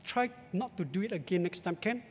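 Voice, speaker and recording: A man's voice: sits high, lively intonation, fairly quick, breathy edge. A man playing an easygoing, indulgent father speaking Singlish with a Singaporean accent. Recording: long church hall reverb.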